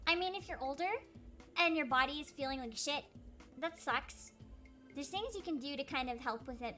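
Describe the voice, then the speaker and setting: A woman's voice: sits high, sharp tone. A young woman streamer chatting casually through a Q&A, giggly and self-deprecating, with lots of fillers. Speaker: vtuber streamer. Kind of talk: casual Q&A chat.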